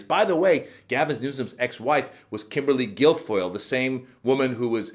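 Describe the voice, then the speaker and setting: A man's voice: normal speed, hardly any pauses. A man hosting comedic political commentary, mocking and sarcastic, sometimes mimicking others. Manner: mocking, animated, mimics others in shrill voices. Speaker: comedian host.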